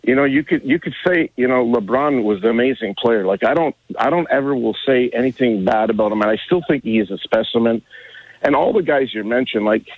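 Older guy calling in, husky, tinny phone line, rambles and restarts a lot. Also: mid-range voice, no room sound. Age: 60s. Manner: rambling, halting, many restarts. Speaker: caller. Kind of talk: casual call-in chat.

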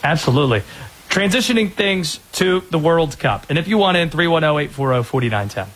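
A man hosting sports talk radio, energetic and opinionated, with quick asides. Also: on the high side, slightly rough, poor audio.

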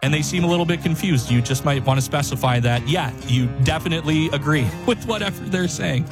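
A man's voice: a little high, a little fast, over music. A male radio host with a Canadian accent, chatting casually and playfully between songs.

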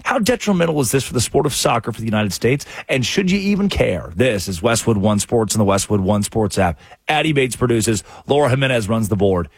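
A man hosting a sports talk radio show, delivering a sarcastic, animated monologue on a studio microphone. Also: a little fast, slightly rough, no echo. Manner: sarcastic and animated, with sudden jumps in pitch.

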